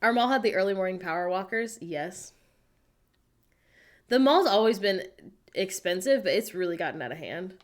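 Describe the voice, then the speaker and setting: A woman's voice: medium pitch, normal speed, long pauses. Chatty American woman reading stream chat. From United States. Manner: animated, reads chat messages aloud, playful self-mocking. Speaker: livestream host reading chat. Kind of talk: casual chat.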